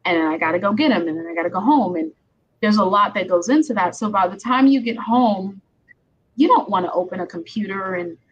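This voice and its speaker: A woman attorney hosts a podcast interview, chatting in a conversational way with a medium-pitched voice at a slightly fast pace. The sound is a bit dull, with faint background noise.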